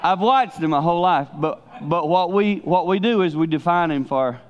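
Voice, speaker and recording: A middle-aged man preaching a sermon in a conversational storytelling way. He drops to hushed tones to stress a point. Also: on the high side, moderate pace, dull audio, a little hiss or hum. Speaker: pastor and speaker.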